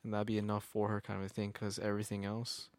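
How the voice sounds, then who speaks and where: A man's voice: fairly low pitch, monotone, quick pace, no echo. A man in casual podcast chat, telling an earnest, reflective story about his past work. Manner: earnest, reflective, with fillers like right. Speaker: podcast co-host.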